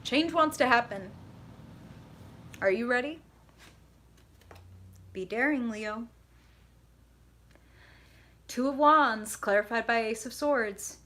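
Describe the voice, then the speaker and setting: Profane, animated middle-aged woman tarot reader. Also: fairly high pitch, takes it slowly, long pauses. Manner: casual, profane, animated, laughs often. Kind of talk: live tarot reading stream.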